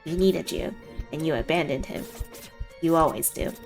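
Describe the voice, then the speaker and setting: A woman's voice: low-pitched, moderate pace, a little mellow, soft background music. A woman doing a cruel accusing inner voice. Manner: accusing, contemptuous.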